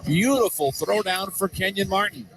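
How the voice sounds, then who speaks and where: Excitable male basketball play-by-play caller. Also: sits high, moderate pace, noisy background. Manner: excitable, rising on big plays. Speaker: play-by-play commentator.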